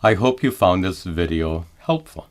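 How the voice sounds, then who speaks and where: A man teaching Vedic pronunciation in a measured, scripted lesson, chanting his examples slowly and drawn out. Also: low-pitched, animated. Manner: slow and deliberate, chants examples in drawn-out tones.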